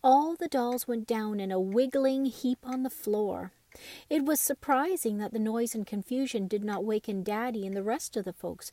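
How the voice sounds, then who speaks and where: A woman narrates a classic children's bedtime story in a gentle, expressive way. Her voice sits fairly high and the recording is dry and close. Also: no echo.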